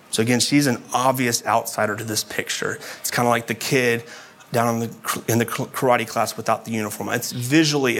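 A man's voice: mid-range voice, a bit bright, slight background noise. A man giving a sermon as a pastor, explaining scripture in a conversational way with casual asides.

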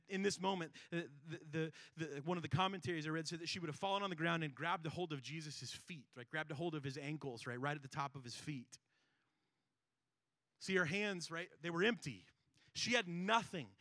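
A man's voice: fairly high pitch, fairly bright tone, no echo, studio quality. A man preaching an earnest, emphatic sermon, asking rhetorical questions and reading scripture aloud. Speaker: pastor.

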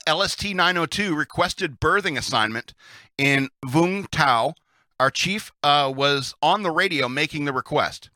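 A man hosts a relaxed storytelling session, reading sea stories with frequent chuckles and side comments. His voice sits a little high and has a very bright, sharp edge. It sounds dry and close, with no room echo. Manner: chuckles often, chatty asides. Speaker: host reading Navy stories. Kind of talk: casual storytelling.

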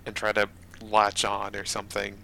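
A man's voice: fairly low pitch, completely flat delivery, normal speed, vocal fry, bright, forceful tone, a little hiss or hum, rough recording. A man playing a tabletop role-playing game who describes his character's actions in a rambling, hesitant way, with many restarts. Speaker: player. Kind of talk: casual tabletop play.

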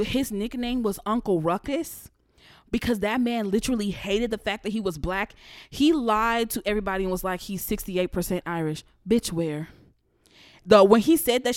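A young woman hosting a podcast, ranting about work in a blunt and heavily profane way. Her voice sits in a middle register and stays animated as she tells her stories. The recording is dry and close, with no room sound. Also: mid-range voice, dry recording. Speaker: podcast host. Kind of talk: casual storytelling rant.

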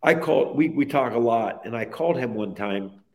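Speaking at a moderate pace with an expressive, slightly mellow, medium-pitched voice, a man recounts his personal faith journey as a podcast guest. His telling is heartfelt and sincere, with phrases stacked one after another.

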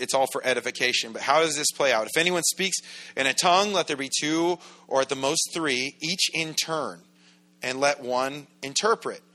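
A man's voice: medium pitch, bright, forceful tone. A man preaching a sermon as pastor in a church, in a conversational, joking way that acts out quoted voices. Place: church sanctuary.

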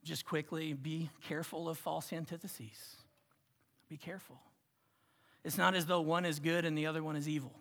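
A man preaching a sermon, swinging from loud emphasis to hushed, near-whispered lines. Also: a little high, fairly even intonation, moderate pace, big-room sound. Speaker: pastor.

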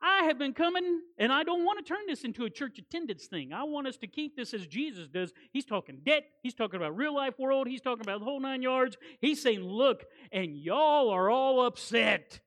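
Speaking briskly with hardly any pauses, a high-voiced woman preaches as a guest. She's animated, hammering her points through repetition, and slips folksy, chatty asides between them.

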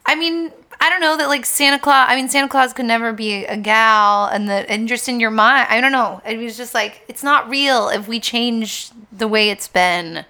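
Earnest woman teacher with a bright voice. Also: fairly high pitch, normal speed, hardly any pauses. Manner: earnest, thinks aloud with hedges. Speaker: teacher and podcast guest. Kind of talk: casual podcast chat.

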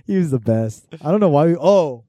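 A man's voice: fairly high pitch, expressive, fairly quick, warm tone, no room sound, lo-fi sound. A man in his thirties chatting casually as a co-host, telling rambling stories full of swearing and fillers. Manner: rambling, profane storytelling with lots of fillers. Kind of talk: casual chat.

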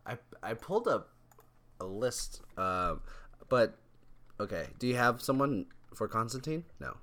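A man co-hosting a podcast in casual chat, relaxed and often pausing to hunt for words. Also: medium pitch. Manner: relaxed, halting, searching for words. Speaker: podcast co-host.

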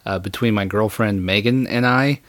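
Podcast guest, very deep-voiced man, bright forceful tone, enthusiastic and detail-heavy. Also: normal speed, dry recording. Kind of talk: casual chat.

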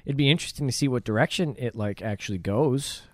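A man's voice: mid-range voice, quick pace, no room sound. A man co-hosting a podcast in casual chat, rambling with hesitations. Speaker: podcast co-host.

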